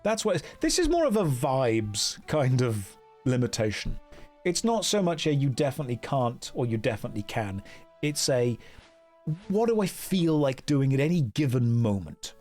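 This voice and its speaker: A man streaming a game and commenting casually, with wry, rambling and quick talk full of jokey asides. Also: mid-range voice, sing-song, a little mellow, faint music behind.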